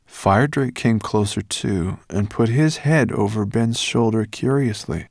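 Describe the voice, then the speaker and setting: A man narrating a children's fantasy novel in a measured storytelling manner. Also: lowish voice, creaky, darkish tone, dry recording, clean studio sound. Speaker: audiobook narrator. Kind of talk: scripted narration.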